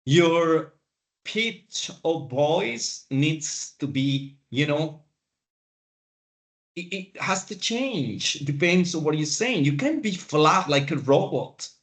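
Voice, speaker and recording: A man teaching a class, lecturing in a slow, deliberate way with pauses. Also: on the high side, lively intonation. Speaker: instructor.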